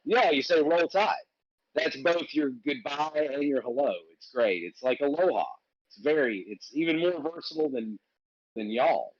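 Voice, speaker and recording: A man with an Alabama Southern accent jokes and teases his way through a relaxed livestream chat. His pitch rises and falls a lot, and the sound is dry but dull and lo-fi, like call audio. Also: moderate pace, husky, no room sound. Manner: joking, teasing banter. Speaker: livestream host. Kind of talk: casual chat.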